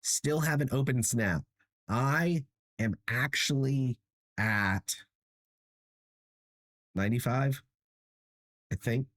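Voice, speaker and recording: A man's voice: mid-range voice, slow pace, long pauses, a bit bright, dry recording, clean studio sound. A tired young man hosting a livestream, chatting casually with viewers in a self-mocking way and laughing often. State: tired and achy. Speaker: livestream host.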